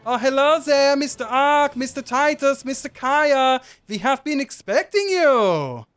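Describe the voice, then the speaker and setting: A man's voice: very high voice, animated, a little slow, fairly bright tone, faint music behind, voice pushed up, heavily acted. A man voicing a tiny, friendly male ice gnome who manages a ski resort, with a put-on German-style accent and a welcoming, fussy manner.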